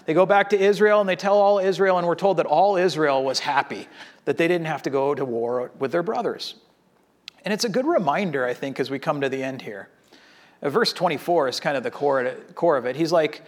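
Young male pastor, conversational preacher who acts out the quotes, a touch high-pitched. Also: normal speed. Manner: conversational, animated storytelling with acted-out quotes. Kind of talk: sermon.

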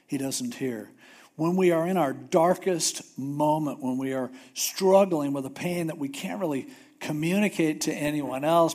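Conversational pastor with a slightly high voice. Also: male voice, darkish tone, husky. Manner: conversational, storytelling, humorous asides. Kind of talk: sermon.

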